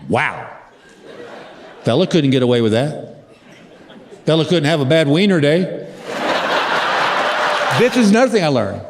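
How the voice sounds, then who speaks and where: A middle-aged man telling a stand-up routine, a drawling storyteller who mimics his wife in a higher voice. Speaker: stand-up comedian. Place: large theater stage. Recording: long hall reverb with loud crowd. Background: audience laughter.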